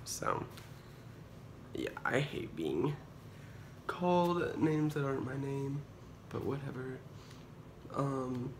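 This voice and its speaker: Slow and medium-pitched, a young man rants casually into his phone from a hospital room, dramatic, sweary and heavy on fillers. He is an unwell vlogger awaiting kidney surgery, and slight background noise can be heard.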